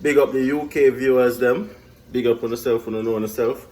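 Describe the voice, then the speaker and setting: Jamaican man, young adult, casual vlog chat, medium pitch, home kitchen. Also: steady tone, moderate pace, dark tone. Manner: laid-back, laughs often, repeats "big up" and "guys". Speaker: vlogger.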